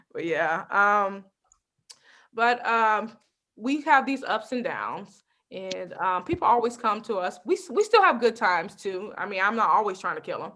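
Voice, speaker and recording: Animated woman telling comic stories. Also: mid-range voice, a little slow, pauses often. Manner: lively storytelling with frequent asides and laughs. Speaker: stand-up comedian. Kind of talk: stand-up comedy set.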